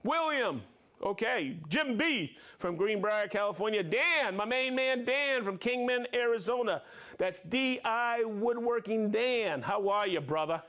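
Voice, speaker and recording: A man hosting a live stream, upbeat, reading off viewer names and places with quick friendly asides. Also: high-pitched, lively intonation, a bit bright. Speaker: livestream host.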